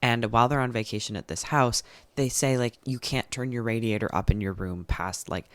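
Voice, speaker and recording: A man's voice: mid-range voice, fairly quick, a bit bright, smooth, no echo. A man giving a chatty, candid book summary, full of "like" and the odd swear word. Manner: chatty, filler-heavy retelling with frequent "like". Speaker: book reviewer. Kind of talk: casual book summary monologue.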